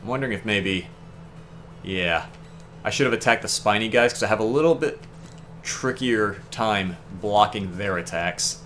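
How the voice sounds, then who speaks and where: A man playing a video game and chatting about it, animated and rambling, quick to exclaim. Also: fairly low pitch, soft background music. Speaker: player and co-host. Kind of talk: let's play commentary.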